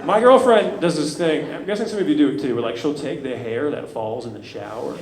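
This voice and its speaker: A man of thirty doing a stand-up comedy set, swinging between loud outbursts and low muttered asides. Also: a little fast. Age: 30s. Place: comedy club stage. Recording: echoey club with loud room noise.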